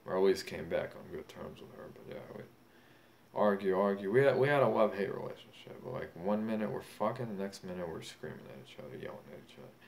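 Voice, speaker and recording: Fast, low, gravelly and a little mellow, a young man's voice carries a drunken, profane monologue of boasting and rambling. He's a vlogger who calls himself a boxing champion, talking casually over faint background noise.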